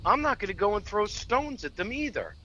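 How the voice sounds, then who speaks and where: A man's voice: sits high, big pitch swings, a little fast, sharp tone, highs cut off, slight background noise. A man co-hosting a political talk radio show, speaking bluntly and emphatically and swearing when heated.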